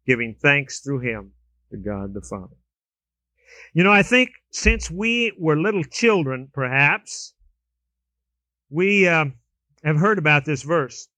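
A man preaching a sermon, telling humorous everyday stories with animated swings in pitch and loudness. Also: no room sound. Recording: dull, lo-fi dry recording.

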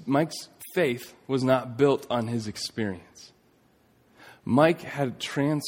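A man in his thirties preaching a sermon, telling a story earnestly, rising to emphatic points and dropping to a hush. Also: mid-range voice, slightly rough. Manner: earnest storytelling, swings between emphatic and hushed. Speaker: pastor. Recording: long reverb of a large hall.

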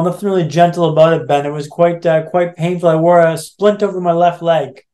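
A man, a motivational speaker, telling a personal story as a podcast guest, with lively repetition for rhythm and emphasis. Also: high voice. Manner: energetic storyteller who repeats phrases for rhythm and emphasis.

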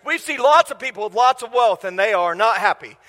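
A man's voice: high-pitched, animated, fairly quick, pushed and bright. A man preaching a sermon as a guest speaker in a church, enthusiastic and conversational, often asking the congregation questions. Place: church sanctuary. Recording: long church hall reverb.

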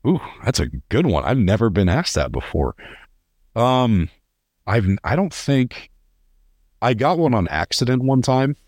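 A man's voice: mid-range voice, very animated, a little slow, a little mellow, dry recording, studio quality. A young man from California, a podcast guest telling stories in an earnest, rambling way with many restarts. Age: young adult. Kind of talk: casual interview.

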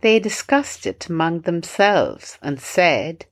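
A woman from India hosting a Christian meditation podcast, calmly guiding breathing and scripture reflection. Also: a bass voice, breathy edge. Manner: calm, slow, gently instructive.

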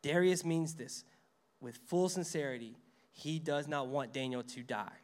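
Pastor, male, fairly high voice, conversational sermon with acted-out quotes. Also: a little slow. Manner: conversational preaching, reads scripture aloud, acts out quotes.

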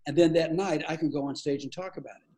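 High-voiced, playful older comedian man. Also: fast. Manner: playful, animated storyteller with frequent laughs. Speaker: comedian guest. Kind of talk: storytelling in a podcast interview.

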